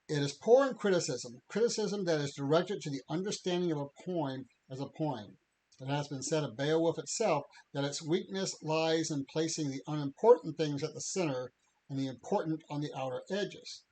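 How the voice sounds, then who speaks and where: A man co-hosting a podcast, chatting and reading passages aloud in a measured, steady way. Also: on the high side, a little hiss or hum, rough recording. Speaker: podcast co-host.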